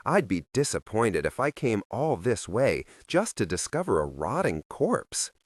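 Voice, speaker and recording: A man narrates an audiobook in a low, unhurried voice. His pitch rises and falls dramatically as he tells the story. The sound is dry and close to the mic. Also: breathy edge, dry recording. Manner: slow, expressive storytelling.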